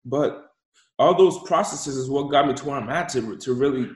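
A man telling an animated story and giving motivational talk as an interview guest, repeating himself for emphasis. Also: mid-range voice, moderate pace, roomy sound, low-quality recording. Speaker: guest, entrepreneur.

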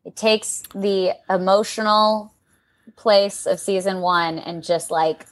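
A young adult woman, a voice actor, chatting in an interview and telling stories in an expressive, animated way with lively quoted asides. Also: medium pitch, slow pace. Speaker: voice actor guest. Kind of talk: casual interview chat.

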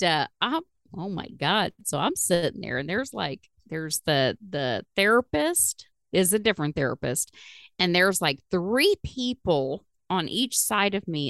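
Animated, profane woman host. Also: fairly low pitch, gravelly, no echo, clean studio sound. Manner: profane, animated, laughing while she talks. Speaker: podcast host. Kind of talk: casual storytelling chat.

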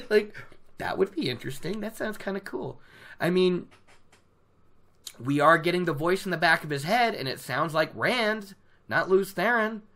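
A host giving a casual book recap, animated and opinionated, laughing often. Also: mid-range voice, normal speed, pauses often.

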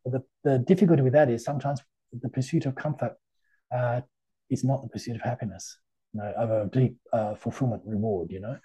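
Man, middle-aged, tarot reader guest, chatty and rambling, warm dark tone, slightly raspy. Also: medium pitch, steady tone, brisk. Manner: chatty and anecdotal, many fillers. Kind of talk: casual interview conversation.

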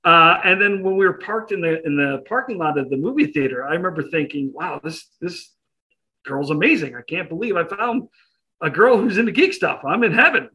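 Guy in his 40s telling a funny date story on himself, bright lively voice, kinda high. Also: fairly quick, low-quality recording. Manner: self-deprecating, animated anecdote with quoted voices. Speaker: interview guest. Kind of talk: casual storytelling.

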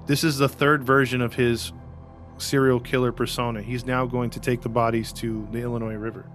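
A chatty man hosting a relaxed true-crime podcast, his voice sitting at a middle pitch. He talks in loose, easygoing runs and now and then slips into put-on voices for quotes. Faint music plays under the conversation. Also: brisk. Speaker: podcast host.

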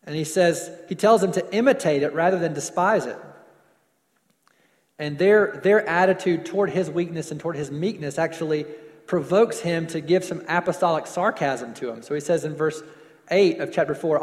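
A man preaching a sermon, stretching words for emphasis and dropping to softer closing lines. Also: a little high, big-room sound. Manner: preaching with slowed emphasis and falling soft endings. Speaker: pastor.

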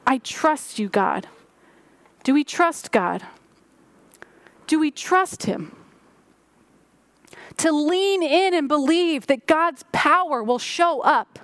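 A woman's voice: high-pitched, expressive, slow, long pauses, fairly bright tone, no echo. A woman pastor preaching a sermon, rising and falling for emphasis and slipping into prayer.

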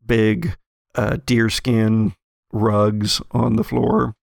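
Gravelly laid-back game master. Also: male voice, fairly low pitch, flat delivery, no echo, clean studio sound. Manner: laid-back, halting with fillers. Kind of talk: actual-play narration.

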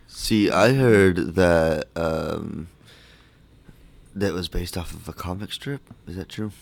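A man co-hosting a casual movie podcast, joking around and rambling with halting fillers. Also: sits low, creaky. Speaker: podcast co-host.

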